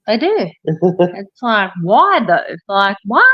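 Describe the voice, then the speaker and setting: Slow-talking hairdresser woman. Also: medium pitch, no echo, lo-fi sound. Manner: swearing, animated storytelling. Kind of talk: casual chat.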